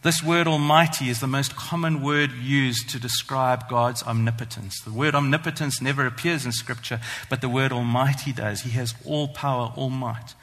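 A man's voice: mid-range voice, fairly even intonation, a bit bright. Earnest man preaching in a reverberant hall. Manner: earnest, emphatic, slows down on scripture quotes. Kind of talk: sermon.

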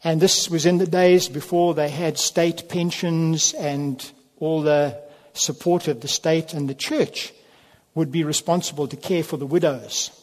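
A man preaching a sermon, telling a story in an unhurried way and then leading a quiet prayer. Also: a little high, fairly even intonation. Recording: long hall reverb.

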